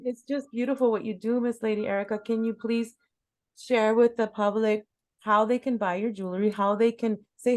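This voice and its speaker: A woman's voice: a little high, steady tone, fairly quick, a little mellow. A middle-aged woman hosting a casual chat interview, talking emphatically and repeating words for stress. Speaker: host.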